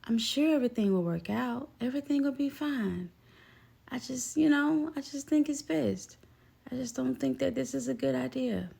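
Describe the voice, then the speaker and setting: A woman quoting a calm, flat-voiced woman. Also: high voice, moderate pace, vocal fry, husky, voice pushed up, full character voice. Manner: soft, mellow and neutral. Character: calm, flat-toned woman breaking bad news.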